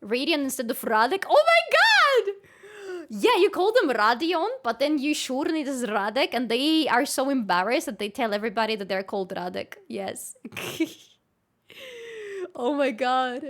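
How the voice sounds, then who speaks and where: A woman's voice: a little high, lively intonation, normal speed. A young woman chats casually with her livestream audience. She is playful and often bursts into squealing laughter between her remarks. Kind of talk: casual chat with live viewers.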